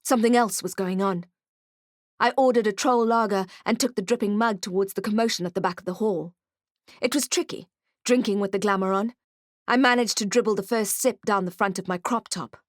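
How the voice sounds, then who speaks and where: A woman reading an audiobook in first person with wry, expressive storytelling. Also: mid-range voice, brisk, dry recording, clean studio sound. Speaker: audiobook narrator. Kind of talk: scripted first-person narration.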